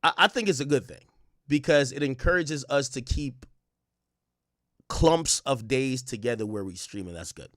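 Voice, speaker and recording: A young man hosting a livestream, casually reading his chat and shouting out cities in a loose, profane way. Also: medium pitch, expressive, normal speed, dry recording, clean studio sound. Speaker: livestream host. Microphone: desk mic close up.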